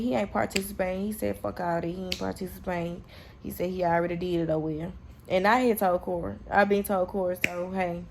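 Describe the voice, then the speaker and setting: A young woman talks straight to her camera in a vlog, her voice gravelly at the edges. She tells her story candidly and with plenty of swearing, acting out what people said. A faint hiss of noise sits behind her. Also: mid-range voice. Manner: candid, profane, animated retelling with quoted dialogue. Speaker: vlogger.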